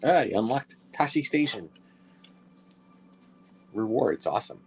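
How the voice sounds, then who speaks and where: A man selling collectible figures on a live stream, talking casually to viewers and often correcting himself between quick auction calls. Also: mid-range voice, expressive, creaky, darkish tone. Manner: chatty, self-correcting, quick asides to viewers.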